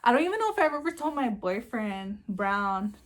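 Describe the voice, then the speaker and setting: A woman's voice: on the high side, very animated, normal speed. A young woman chatting casually in a storytime vlog, laughing easily and filling her talk with "like" and "um". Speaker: vlogger.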